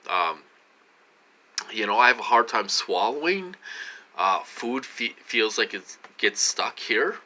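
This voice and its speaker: A man's voice: fairly low pitch, expressive, takes it slowly, bright, forceful tone. A middle-aged man rambling in a casual vlog, repeating himself and often addressing his viewers, a little short of breath. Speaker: vlogger.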